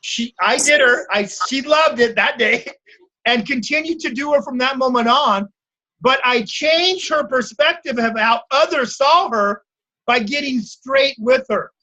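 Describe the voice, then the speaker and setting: A man's voice: extremely high pitch, unhurried, sharp tone, muffled recording. A man leading a group coaching call over video, telling stories and checking in with his listeners for agreement. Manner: storytelling, asks the group for agreement. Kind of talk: casual group coaching talk.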